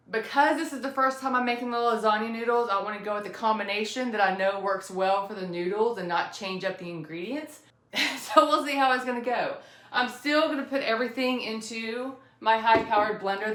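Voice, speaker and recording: A woman's voice: mid-range voice, a bit bright. Woman, cooking vlog host, chatty, upbeat, casual talk, echoey kitchen. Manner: chatty, self-deprecating, upbeat.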